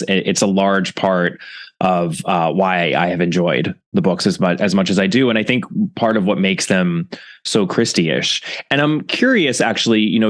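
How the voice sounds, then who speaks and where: A man from California hosting a podcast interview, reading passages aloud and asking thoughtful questions in a measured way. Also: sits low. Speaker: podcast host.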